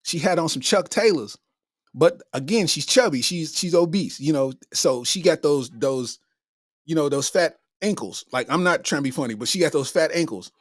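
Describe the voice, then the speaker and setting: A man's voice: fairly high pitch, moderate pace, no room sound. Guy telling a funny story, voice jumping all over, dry close mic. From Kentucky. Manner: animated, acts out his own reactions. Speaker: comedian host. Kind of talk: casual storytelling.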